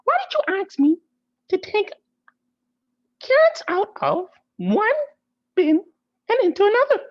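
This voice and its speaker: A man voicing Baby Can, a tiny innocent living tin can who asks puzzled questions in a high squeaky voice. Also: wildly swooping pitch, slow, muffled recording, full character voice.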